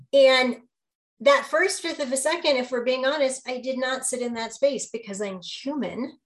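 A woman in her thirties or forties, a business coach leading a group workshop, speaking in a lively way, acting out bits of dialogue and often checking in with "right?". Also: a little high, normal speed.

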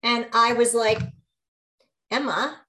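A woman business coach in her thirties or forties leads a group workshop in a lively, conversational way. She keeps slipping into little acted-out exchanges and checks in with "right?" Her voice sits at an ordinary middle pitch. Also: moderate pace. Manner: lively, acts out dialogue, often asks "right?".

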